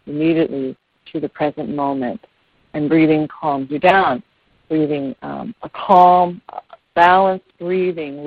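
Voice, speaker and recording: Gravelly, soothing yoga teacher. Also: mid-range voice, no echo. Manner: soothing, unhurried, with fillers and repetitions. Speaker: children's yoga and meditation teacher. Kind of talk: calm explanatory talk. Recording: dull dry lo-fi recording.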